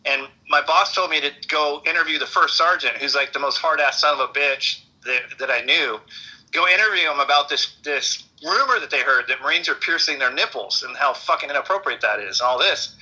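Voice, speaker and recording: Husky, bright-voiced man telling crude stories. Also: on the high side, fairly quick, low-quality recording. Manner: profane, rambling anecdotes with restarts. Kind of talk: casual storytelling chat.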